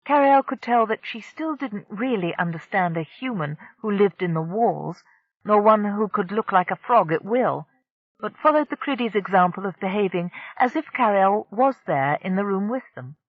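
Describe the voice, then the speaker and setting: An audiobook narrator reading a science fiction novel in a steady storytelling manner. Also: medium pitch, normal speed, no room sound, narrow, tinny audio. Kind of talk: scripted narration.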